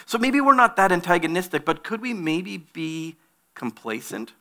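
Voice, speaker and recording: A man's voice: high voice, moderate pace. A man preaching a sermon, reading a Bible passage aloud and then applying it to his congregation. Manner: reads scripture aloud, then preaches with animated put-on voices. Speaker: pastor.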